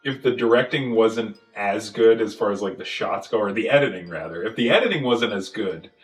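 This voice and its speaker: Animated man recapping a movie. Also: on the low side, brisk, reverberant, faint music behind, rough recording. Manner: animated, acts out scenes in silly voices. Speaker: podcast host. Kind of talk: casual movie recap chat.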